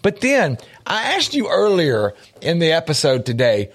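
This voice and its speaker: A man's voice: fairly high pitch, wildly swooping pitch, measured pace. A man teaching a Bible lesson on a talk show, earnest and repeating his points for emphasis.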